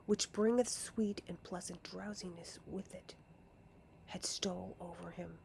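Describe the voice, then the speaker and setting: A woman reading a storybook aloud in a deliberate way, often dropping into a hushed whisper. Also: on the low side, steady tone, creaky, slight background noise. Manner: slow, deliberate, often slipping into a hush. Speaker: narrator.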